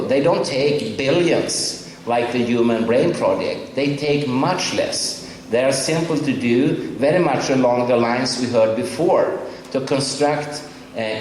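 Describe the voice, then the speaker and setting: A man from Sweden with a Swedish accent, giving a conference lecture in English, emphatic and wry with halting fillers. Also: mid-range voice. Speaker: professor giving a conference talk. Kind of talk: public lecture. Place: large lecture hall. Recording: very echoey hall with long reverb, faint hiss.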